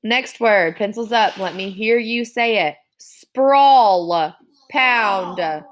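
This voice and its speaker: A woman's voice: mid-range voice, takes it slowly, a bit bright. A woman teacher giving a classroom spelling dictation, sounding out words syllable by syllable.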